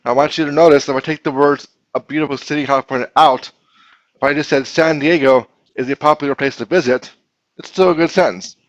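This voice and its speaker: A man's voice: fairly high pitch, steady tone, fast, no room sound. Male teacher, classroom grammar lesson, patient and questioning, dry slightly muffled sound. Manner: patient, explains step by step, asks the class questions.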